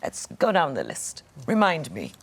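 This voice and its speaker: A woman's voice: deep voice, wildly swooping pitch, moderate pace, creaky. Woman host, chatty and friendly, voice bounces up and down a lot. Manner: friendly, conversational prompting. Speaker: interview host. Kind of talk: hosted interview.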